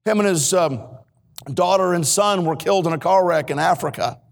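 High-voiced, gravelly male preacher. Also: moderate pace. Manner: earnest preaching, swinging between hushed and emphatic. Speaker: preacher and missionary. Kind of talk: sermon. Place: church sanctuary.

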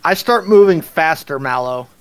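A man playing a tabletop game, asking eager, quick questions. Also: fairly high pitch, lively intonation, smooth. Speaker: player.

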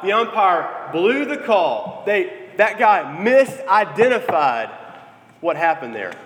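A man preaching a sermon, telling stories and acting out quotes with energy. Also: high-pitched. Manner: storytelling with lively acted quotes. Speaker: pastor. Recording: echoey hall.

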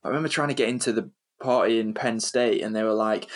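A man's voice: on the low side, fast talker. Joking man hosting a podcast. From Britain. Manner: joking, animated storyteller who acts out others' lines. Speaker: podcast host. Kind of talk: casual chat.

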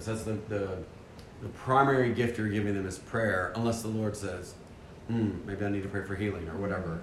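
A man casually telling a story about a church mission trip, animated and self-deprecating, acting out his own inner voice. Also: lowish voice, roomy sound, slight background noise.

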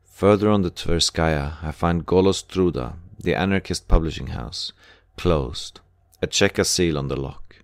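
Male audiobook narrator, deep voice, dry close sound, measured read. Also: gravelly, no echo. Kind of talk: scripted narration.

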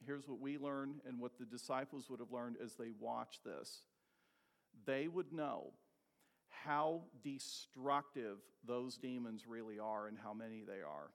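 A man preaching an expository sermon, asking rhetorical questions and slowing down to stress key words. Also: mid-range voice.

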